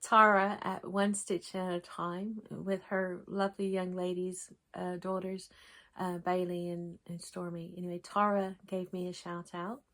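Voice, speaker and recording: Craft vlogger lady, accent half american half english, chatty and gentle, keeps restarting sentences. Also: lowish voice, little pitch movement, measured pace. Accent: mix of American and English. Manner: gentle, rambling, with frequent restarts. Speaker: crafting vlog host. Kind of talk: casual chat to camera.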